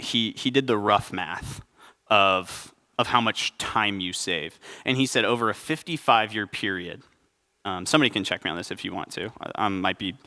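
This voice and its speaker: Bright-voiced young pastor, joking with congregation. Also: male voice, fairly low pitch, in a large hall. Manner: conversational and joking, asks the audience questions. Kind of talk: sermon. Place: church service before a congregation.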